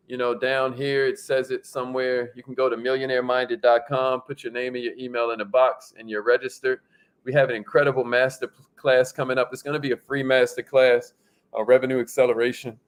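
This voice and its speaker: A man's voice: mid-range voice, clear, resonant tone. A man hosting a livestream in an upbeat, slangy, casual way, reading out viewer comments and laughing often. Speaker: livestream host.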